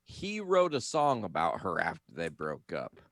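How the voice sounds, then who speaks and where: A man co-hosting a podcast, telling a story in casual chat and getting loud and excited when he is worked up. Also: sits low, moderate pace, vocal fry, no echo. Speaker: podcast co-host.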